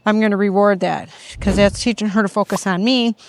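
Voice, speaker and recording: A middle-aged woman talks through a casual training vlog while out on a walk. Her voice sits at an ordinary pitch and stays calm and explanatory. Now and then it lifts into high, sing-song calls of praise for a puppy. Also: brisk, dry recording. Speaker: dog owner and trainer. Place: outdoors on a neighborhood walk.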